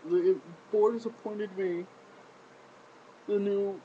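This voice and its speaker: A man's voice: high-pitched, steady tone, takes it slowly, pitched above the performer's own voice. A choked-up, pleading wrestler boss , as a man mocks him, sounds tender and sentimental in a raised voice. The recording is slightly muffled, with a faint hiss underneath. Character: tearful grown male wrestler boss pleading with his chief.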